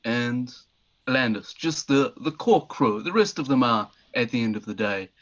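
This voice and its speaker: A man's voice: medium pitch, animated, moderate pace, muffled recording. Wry man playing a ship captain. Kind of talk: in-character tabletop play.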